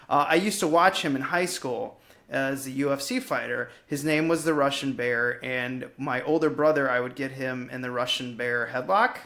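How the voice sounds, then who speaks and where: A man in his thirties co-hosting a movie podcast, telling stories in a casual, profane, animated way. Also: mid-range voice. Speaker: podcast co-host.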